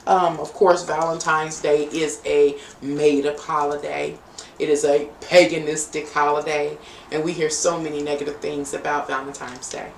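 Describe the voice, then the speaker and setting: A woman's voice: deep voice, creaky. A middle-aged woman, giving a playful, bawdy live-stream tarot reading and bantering with her viewers. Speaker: tarot reader. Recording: roomy, distant home mic with faint background hum.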